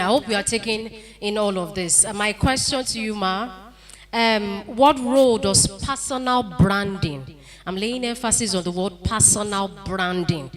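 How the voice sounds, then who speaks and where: A Nigerian woman moderating a conference panel, putting emphatic questions to a guest. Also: mid-range voice. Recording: event hall with crowd noise.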